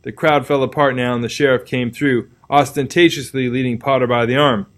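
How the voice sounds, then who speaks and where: A man reading a classic novel aloud as narrator, in a measured, dramatic storytelling manner. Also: mid-range voice, steady tone.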